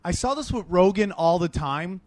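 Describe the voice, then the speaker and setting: High-voiced man riffing emphatically. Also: lively intonation, moderate pace, no echo. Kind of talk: casual podcast chat.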